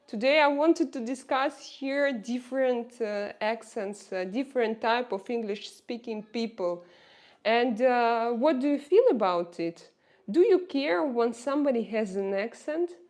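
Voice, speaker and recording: With a Russian accent and lively intonation, a native Russian-speaking woman streams live, reading viewer comments and answering them directly amid frequent fillers. Her slightly high voice has a darkish tone.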